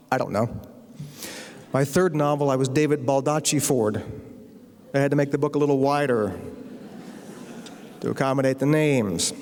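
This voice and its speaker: In a university lecture hall with a long, echoing reverb, an American novelist giving a guest lecture spins a funny anecdote. He speaks in a mid-range, darkish voice and lands his jokes with practiced timing.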